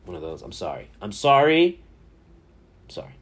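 A man's voice: lowish voice, normal speed, a little hiss or hum. A man in his thirties hosting a casual sports talk show, rambling through stories with lots of swearing. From Miami area. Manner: profane, rambling, animated storyteller. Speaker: podcast host. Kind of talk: casual sports chat and storytelling.

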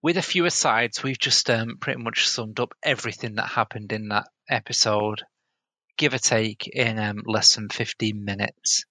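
Wry man with a bright, dry voice. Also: lowish voice, normal speed, no echo, poor audio. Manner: dry wry asides with hesitant ums. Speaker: podcast co-host. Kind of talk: casual chat recapping a TV episode.

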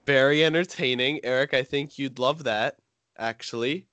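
A young man co-hosting a casual podcast chat, an animated storyteller who laughs often. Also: medium pitch, moderate pace, no room sound. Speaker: podcast co-host.

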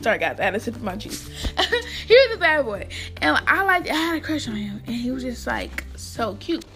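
A woman's voice: on the high side, very animated, brisk, bright, forceful tone, faint music behind. A young woman chatting to her viewers in a casual storytime vlog, talking to them directly and laughing often. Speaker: vlogger.

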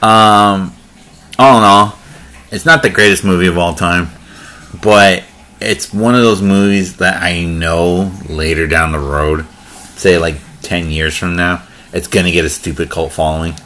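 A man chatting casually about movies, telling stories in a relaxed, rambling way. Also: sits low, measured pace. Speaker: movie reviewer.

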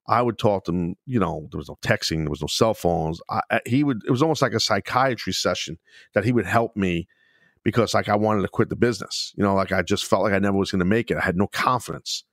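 A middle-aged man with a low voice tells stories in a loose, animated, heavily profane way, often breaking into laughter. He sits close to a dry microphone. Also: fast talker, no room sound. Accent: New York. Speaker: podcast host, former wrestler. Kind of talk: casual storytelling chat.

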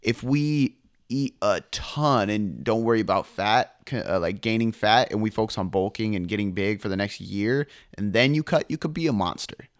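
A young man with a lowish voice talks fitness in a loose podcast chat. He speaks fast and animated and swears casually. The sound is dry and close. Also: no echo. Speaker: fitness trainer.

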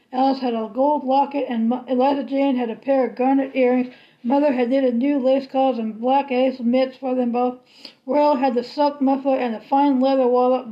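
A woman reads a children's novel aloud at a steady, unhurried pace. Her voice sits high. The recording is slightly dull and lo-fi. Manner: steady, unhurried storybook reading. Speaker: reader.

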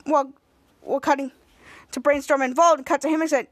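A woman podcast host casually recapping a TV episode. She talks in a halting, stumbling way, restarting and repeating words. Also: sits high, steady tone, no echo.

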